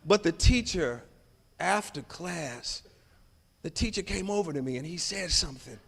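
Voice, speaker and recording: A man delivers a motivational conference speech and tells his stories with dramatic swings in loudness. His voice sits high for a man. The sound carries a long reverb from a large hall. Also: lively intonation, normal speed, vocal fry, background noise. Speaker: conference keynote speaker.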